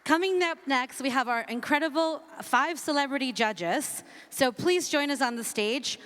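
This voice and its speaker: A woman's voice: high-pitched, normal speed, a bit bright. A woman hosting a ceremony on a conference stage, announcing finalists in an upbeat way with fillers between names. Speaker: ceremony host. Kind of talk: announcing winners at a live event. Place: large conference hall stage. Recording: reverberant large hall.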